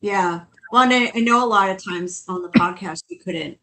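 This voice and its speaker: A woman co-hosting a casual podcast, chatty and quick to laugh as she tells stories. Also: medium pitch. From New Orleans. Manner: chatty, laughs often, quotes others in lively bursts. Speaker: co-host.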